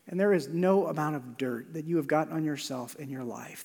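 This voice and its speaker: A middle-aged male pastor preaching a sermon, shifting from loud emphasis to hushed near-whispers. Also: a little high, a little fast, hardly any pauses, breathy edge. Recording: long hall reverb.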